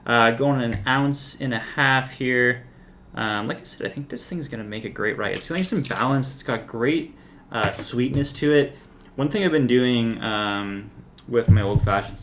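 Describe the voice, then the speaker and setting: A man's voice: mid-range voice, slight background noise. A man hosting a whiskey review, talking casually and relaxedly with lots of "like" and "um" fillers.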